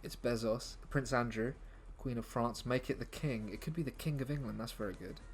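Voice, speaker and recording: A man's voice: medium pitch, brisk, a little hiss or hum. A man comedian writing a script live on stream, musing and thinking aloud with his viewers, often trailing off mid-thought.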